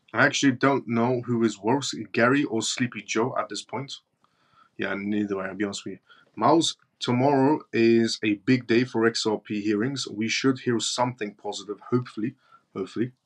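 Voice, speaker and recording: A man's voice: mid-range voice, steady tone, moderate pace, long pauses. A man with a British accent hosting a live stream, reading news and viewer comments aloud in a blunt, mocking way. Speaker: crypto livestream host.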